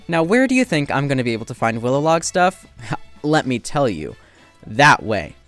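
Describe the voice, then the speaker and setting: A man giving casual, joking commentary while playing a game, getting excited and loud when he spots something new. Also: moderate pace, faint music behind. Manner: excitable, jumps to high squeals when spotting birds; self-deprecating, joking asides. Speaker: gaming video creator.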